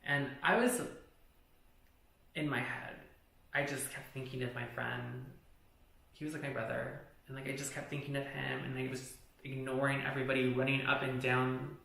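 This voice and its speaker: A young man recounts a personal story in a blunt, profane, candid way. His voice is gravelly and bright. The recording has a very roomy echo around it. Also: mid-range voice. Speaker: vlogger. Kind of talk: storytime vlog. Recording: very echoey room.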